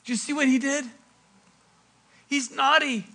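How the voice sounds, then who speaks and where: A male pastor delivering an animated sermon in a very high, bright voice. He slows down for dramatic pauses, then breaks into sudden loud bursts.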